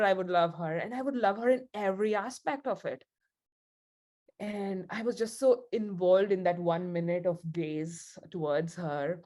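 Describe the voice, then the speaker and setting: A woman's voice: mid-range voice, a little mellow. A woman leading a spiritual group session, telling a story in a chatty, casual way with frequent laughs. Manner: chatty, laughs often, many fillers like "like".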